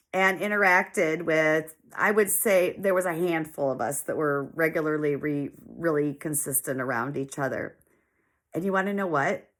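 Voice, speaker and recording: A woman's voice: fairly low pitch, a bit bright. A woman in her forties speaking earnestly in a heartfelt personal monologue, emotional and repeating phrases for emphasis, teary-eyed at times. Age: 40s. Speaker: small business owner sharing her story.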